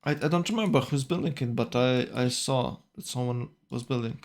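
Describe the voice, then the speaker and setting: A man's voice: medium pitch, fairly quick. A man commentating a strategy game tournament, thinking aloud with hesitations and self-corrections.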